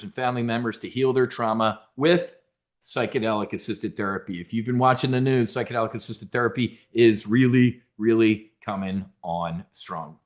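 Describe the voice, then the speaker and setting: Brash, direct man on stage. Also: medium pitch. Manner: brash, direct, joking with the audience. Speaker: conference speaker. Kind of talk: energetic trading seminar talk.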